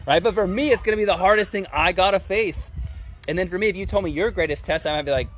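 A man's voice: fairly high pitch, lively intonation, brisk. A man preaching a sermon in a conversational way, often asking his listeners rhetorical questions.

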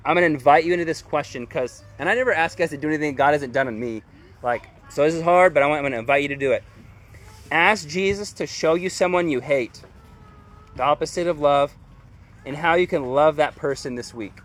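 A man's voice: on the high side, a little fast, fairly bright tone. A man preaching a sermon as pastor, earnest and conversational, with casual slang.

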